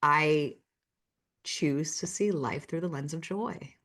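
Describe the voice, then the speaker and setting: A woman's voice: deep voice, slow, fairly bright tone. A woman speaking as a guest in a casual interview, telling personal stories in an earnest, heartfelt way.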